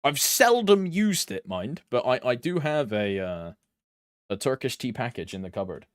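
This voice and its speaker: Chatting to his stream, a young Brit rambles from thought to thought, humming softly in the gaps while his allergies flare up. His pitch rises and falls widely at a normal speed, recorded dry and close without room echo.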